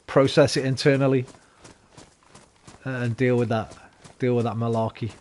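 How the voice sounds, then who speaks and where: A man's voice: mid-range voice, little pitch movement, moderate pace, a little mellow. A tired man chatting and rambling casually to his viewers while streaming a game. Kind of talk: casual live-stream chat while gaming.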